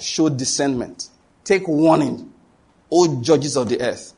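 Husky emphatic preacher. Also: male voice, on the high side. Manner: emphatic preaching with sudden loud rises and rhetorical questions. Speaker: pastor. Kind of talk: sermon.

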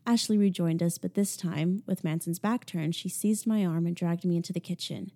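Brief: young woman, first-person audiobook read, mellow and lowish, intimate hush. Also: normal speed, hardly any pauses. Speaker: audiobook narrator.

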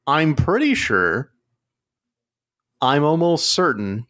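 A man co-hosting a casual comedy podcast, delivering mock-serious jokes in a deadpan way. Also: a little high, slow. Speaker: podcast co-host.

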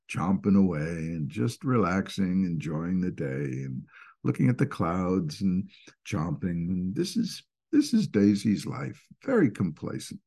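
A man with a Northeastern US accent giving an informal lecture, explaining ideas in a lively way and acting out short everyday scenes. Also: sits low. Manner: animated, acts out little quoted scenes. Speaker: speaker explaining stress and anxiety.

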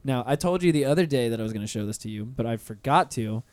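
A man's voice: mid-range voice, animated, fast talker, darkish tone, no echo. A man hosting a podcast in a studio, chatting casually, teasing and swearing freely. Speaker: podcast host. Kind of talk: casual chat. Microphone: studio microphone.

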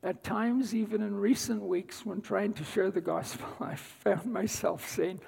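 A man giving a guest talk at church, telling a personal story in an unhurried way with dry asides. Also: high-pitched, steady tone, vocal fry, a little mellow, big-room sound, slight background noise, rough recording. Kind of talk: sermon-style personal testimony. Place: church sanctuary.

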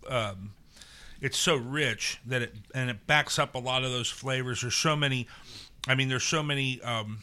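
Casting: male podcast host, eager, piercingly bright tone, mid pitch. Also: normal speed. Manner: eager, restarts phrases often. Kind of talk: casual chat.

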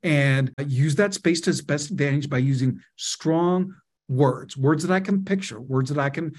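A middle-aged man talks over a video call with a slightly high, eager voice. He is emphatic and energetic, hammering key words in quick lists as he explains and tells stories. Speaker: guest, media co-founder and author. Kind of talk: webinar interview, explaining and telling anecdotes.

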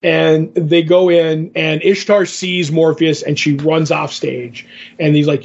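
Gravelly man recapping a comic casually. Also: on the high side, fairly even intonation, measured pace. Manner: rambling retelling, strings quotes with "he's like". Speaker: podcast co-host. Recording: slightly muffled lo-fi audio.

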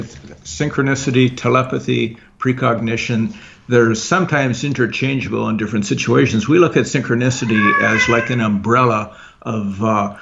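A man guest in an interview, talking haltingly with many fillers and restarts, on a dull lo-fi recording. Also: on the low side, gravelly, a bit bright. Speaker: guest author. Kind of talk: casual interview chat. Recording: dull lo-fi sound.

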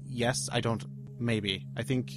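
A man's voice: mid-range voice, fairly even intonation, takes it slowly, faint music behind. A man co-hosting a silly comedy podcast, playfully trading nonsense phrases and groaning in mock frustration. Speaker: podcast co-host.

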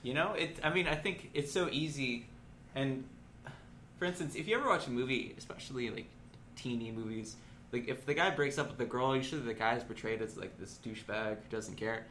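A man's voice: medium pitch, fairly quick, a bit bright, a little hiss or hum. A man in casual chat who tells stories in a rambling, hesitant way with many ums.

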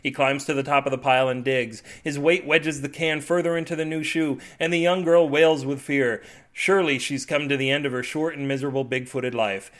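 A man narrating an absurd comic story in a deadpan way, with wry asides to listeners. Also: on the high side, a little fast.

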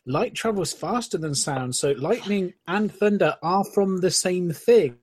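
A man chatting as a guest on a live podcast stream, relaxed and joking as he rambles through stories. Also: sits high, measured pace, slightly rough, no echo. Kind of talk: casual live-stream chat.

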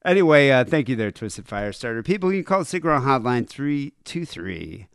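A man's voice: mid-range voice, sing-song, brisk, gravelly, clear, resonant tone, dry recording, clean studio sound. A man hosting a podcast, chatting loosely and crudely with a lot of hesitation. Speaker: podcast host. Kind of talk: casual podcast chat.

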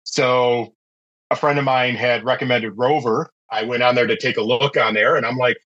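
A man's voice: medium pitch, steady tone, normal speed, fairly bright tone, muffled recording. A middle-aged man telling a long personal story as a podcast guest, chatty and anecdotal with many fillers and restarts. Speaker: podcast guest, pet care business owner. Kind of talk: casual storytelling interview.

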